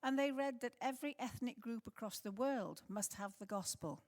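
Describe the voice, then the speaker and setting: A middle-aged woman with a faintly Scottish-tinged English accent speaks to a church conference in a chatty storytelling way, slipping in light jokes. Her voice sits a little high for a woman, and a long reverb from the large church hall trails after each phrase. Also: normal speed, darkish tone. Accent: slightly Scottish-tinged English. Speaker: conference speaker for a mission society.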